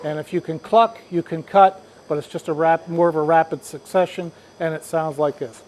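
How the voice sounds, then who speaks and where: A man's voice: fairly high pitch, steady tone, moderate pace, darkish tone, slight background noise, rough recording. A man teaching a group how to hunt turkeys, speaking in a folksy, rambling way with frequent restarts. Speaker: hunting instructor. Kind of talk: casual spoken instruction.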